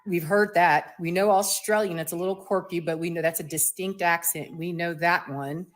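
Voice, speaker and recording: A woman from the United States giving a blunt, sassy, slang-filled opinion monologue on her video channel, with quick mocking asides. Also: on the low side, steady tone. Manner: mocks others with quick voiced asides. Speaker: vlogger.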